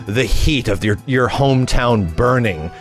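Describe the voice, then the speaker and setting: A chilling, preachy villain drawls every word low and slow, smooth and calm, as a man puts on his voice while retelling a game. Faint music plays underneath. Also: close to an everyday voice. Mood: menacing. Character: cold, menacing male swordsman villain, calm and preachy.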